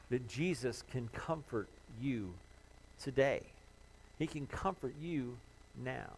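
A man's voice: mid-range voice, slight background noise, low-quality recording. A man preaching a sermon as pastor, earnest and building to impassioned emphasis, acting out the pleas of troubled listeners. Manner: voices imagined worshippers' pleas.

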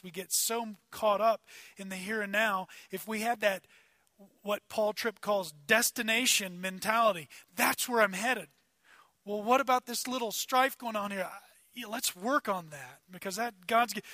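High, bright-voiced male preacher. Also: dry recording. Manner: conversational preaching, swings between loud emphasis and quiet asides. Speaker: pastor. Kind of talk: sermon.

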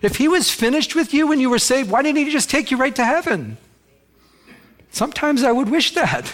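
A male pastor delivers an emphatic, exhorting sermon in church. His voice sits somewhat high for a man, and he drives his points home with repetition. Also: lively intonation, a little fast, a bit bright.

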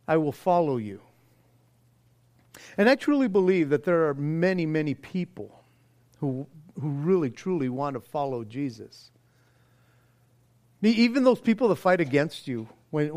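A man's voice: on the high side, lively intonation, moderate pace, long pauses, a little mellow. A man preaching a conversational sermon, earnest and casual, with stammering restarts, and often acting out the voices he quotes. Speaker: pastor.

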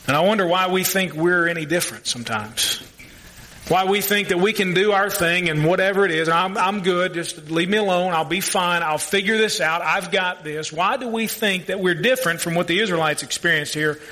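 A man's voice: a little high, pushed and bright. A male pastor preaching a sermon, earnest and asking the congregation questions.

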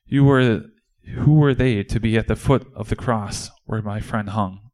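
A man's voice: lowish voice, a little slow, a little mellow. A man performing an impassioned first-person monologue in a church service, speaking as a disciple. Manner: impassioned, indignant storytelling.

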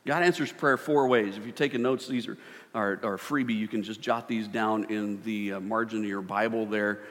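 A middle-aged man preaching a sermon, animated, swinging from loud bursts to hushed tones. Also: fairly low pitch, moderate pace. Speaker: pastor. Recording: long hall reverb.

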